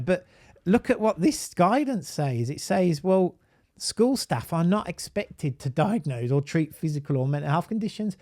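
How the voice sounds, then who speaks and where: A man with a Birmingham accent speaks in a casual live-stream monologue, animated and emphatic, often restarting his sentences and wandering off on tangents. His voice sits a little high for a man and sounds dry and close, with no room echo. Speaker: autism advisor and parent.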